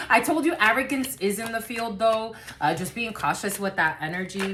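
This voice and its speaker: A woman's voice: mid-range voice, lively intonation, unhurried, fairly bright tone, a little hiss or hum. A woman giving a collective tarot reading to camera, blunt and rambling, swearing freely and laughing often. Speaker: tarot card reader.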